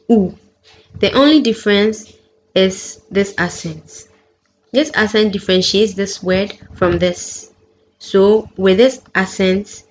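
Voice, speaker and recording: A woman teaching a beginners' French lesson, reading out each example clearly and carefully. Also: mid-range voice. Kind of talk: slow, deliberate lesson narration. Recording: dull lo-fi sound with faint background noise.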